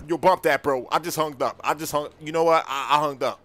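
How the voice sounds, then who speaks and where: A young man in excitable, slangy game role-play commentary with loud outbursts. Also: on the high side, a little fast, hardly any pauses. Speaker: gaming YouTuber.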